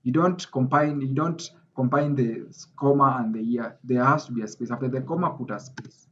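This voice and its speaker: Male lecturer, emphatic, repeats key points; video-call audio, slightly muffled, mid pitch. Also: brisk. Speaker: teacher. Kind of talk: online class lecture.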